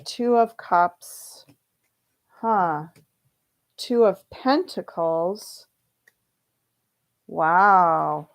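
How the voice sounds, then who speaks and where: A woman hosting a livestream tarot reading, chatty and animated, laughing often and quoting people in playful voices. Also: medium pitch. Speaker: tarot reader.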